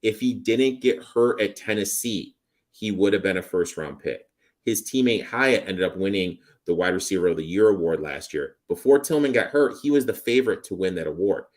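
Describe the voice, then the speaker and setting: A man's voice: sits low, expressive, normal speed. A man co-hosting a sports betting show, confidently breaking down football teams and wagers in casual chat. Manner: confident, rattles off player names.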